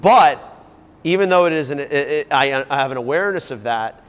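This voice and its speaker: A man's voice: on the high side, animated, a little fast, in a large hall. A man coaching a fitness group, talking earnestly in a rambling way and asking them questions. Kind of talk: motivational talk to a group. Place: gym.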